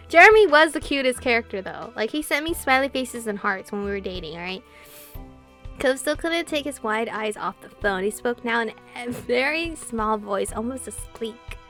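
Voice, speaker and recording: A young woman streamer reading a visual novel aloud, with giggly, excitable reactions. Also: on the high side, moderate pace. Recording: faint game music behind.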